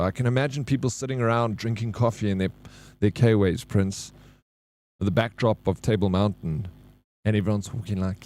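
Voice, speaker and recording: A man's voice: on the low side, normal speed, a little mellow. Laid-back South African man streaming. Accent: South African (Johannesburg). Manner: laid-back, reads chat aloud and greets viewers by name. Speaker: game streamer. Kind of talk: casual live-stream chat.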